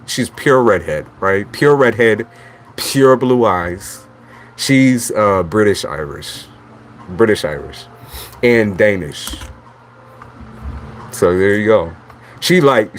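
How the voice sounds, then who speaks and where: A man with a fairly low voice talks in a loose, rambling monologue as a tarot reader. He is blunt and profane, with frequent laughs between his thoughts. A faint hiss of noise sits under his voice. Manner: blunt, chatty, swears freely, laughs often. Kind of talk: casual livestream monologue.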